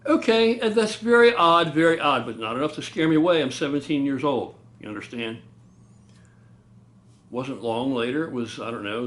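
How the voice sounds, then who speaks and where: A man casually recounting a true ghost story, animated, acting out loud booms and swearing now and then. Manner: animated, loud booming sound effects, swears.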